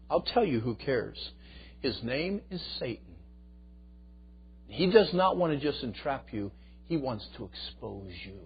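A man preaching a sermon, dramatic and emphatic, dropping to a hush and then rising loud. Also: medium pitch, brisk, breathy edge, lo-fi sound.

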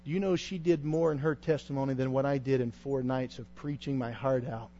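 A man preaching an impassioned revival sermon as a traveling evangelist, swinging from quiet storytelling to loud pleading. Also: mid-range voice, fairly even intonation, brisk, dull audio, a little hiss or hum. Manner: impassioned, rising to shouts.

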